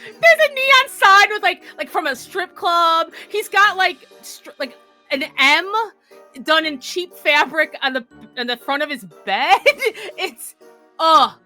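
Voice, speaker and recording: An enthusiastic woman chats about films as a co-host. Her voice is high and bright, and she breaks into laughter often. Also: expressive, slow, faint music behind. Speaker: co-host, film reviewer. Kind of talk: casual movie review chat.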